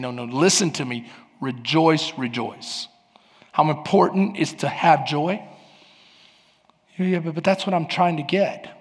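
A male pastor delivering an animated sermon, moving from quiet prayerful tones to fervent, near-shouted preaching. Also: on the high side. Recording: long hall reverb.

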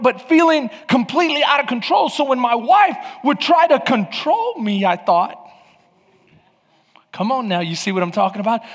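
A man preaching a sermon as pastor, animated, swinging from loud emphatic bursts to low quiet passages. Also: breathy edge. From Latin American heritage. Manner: animated, rises to near shouts then drops low. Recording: hall reverb.

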